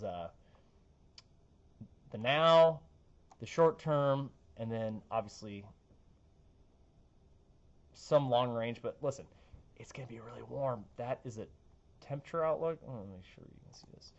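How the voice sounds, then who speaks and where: A man's voice: mid-range voice, expressive, moderate pace, pauses often, highs cut off. A young man, a TV meteorologist talking through a casual forecast with playful, jokey asides. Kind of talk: casual weather forecast chat.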